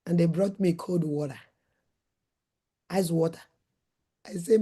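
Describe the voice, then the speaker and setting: Nigerian woman telling a lively story. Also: fairly low pitch, measured pace, husky. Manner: acts out her own shouted lines in a raised voice. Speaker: host, former nurse and midwife. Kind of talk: animated storytelling talk.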